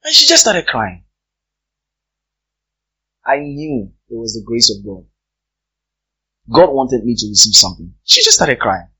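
A man's voice: medium pitch, big pitch swings, measured pace, pauses often, pushed and bright, breathy edge, rough recording. A man preaching a sermon, emphatic and repeating his phrases for effect.

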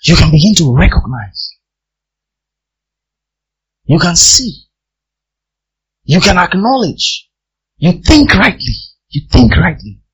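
Brief: male preacher delivering a sermon with an animated swing in pitch, hammering lines by repetition. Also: slow pace, pauses often, breathy edge, poor audio. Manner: emphatic, repeats phrases for effect.

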